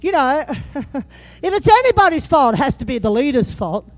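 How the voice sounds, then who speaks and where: A woman preaching a sermon, animated and humorous, acting out scripture quotes with sudden jumps in voice. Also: sits high, normal speed.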